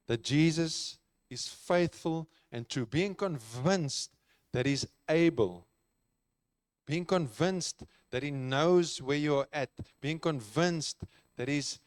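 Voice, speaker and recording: A man's voice: mid-range voice, smooth, no echo, studio quality. A man preaching a sermon in an earnest, conversational way, repeating key phrases for emphasis. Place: church.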